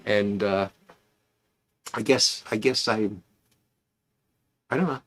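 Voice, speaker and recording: A man's voice: lowish voice, takes it slowly, a bit bright. A man hosting a casual pipe-smoking livestream, rambling and chatty as he greets viewers by name.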